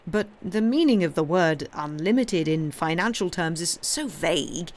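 A woman's voice: on the low side, expressive, normal speed, natural voice. A woman reading aloud, voicing a pompous middle-aged male banker who stammers and turns haughty. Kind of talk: reading a novel aloud on a livestream.

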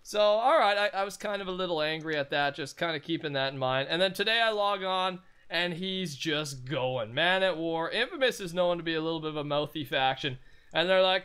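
A young man talks through a gameplay session in an excitable, rambling, jokey way. His voice sits high and sounds bright and edgy. Every word comes through smooth and clean. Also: brisk. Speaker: gaming channel host. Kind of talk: casual gameplay commentary.

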